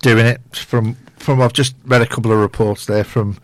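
A man's voice: mid-range voice, level tone, normal speed, no room sound. A man co-hosting a local radio show, chatting casually and easygoing. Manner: easygoing, brief replies. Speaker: radio co-host.

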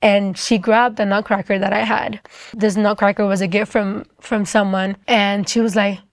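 A young woman tells her faith testimony in a loose, conversational way and acts out everyone's lines as she goes. Her voice sits at an ordinary pitch and sounds close and dry, with almost no room sound around it. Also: flat delivery, moderate pace, dry recording. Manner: storytelling, acts out the dialogue, often says "like". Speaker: person sharing a faith testimony. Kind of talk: casual spoken testimony.

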